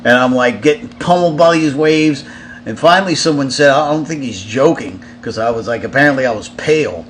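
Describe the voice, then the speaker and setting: A man's voice: medium pitch, brisk, a bit bright, a little hiss or hum. Swearing man telling a tour story. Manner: loose and profane, lots of "like" and restarts. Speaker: touring metal musician. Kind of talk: casual storytelling.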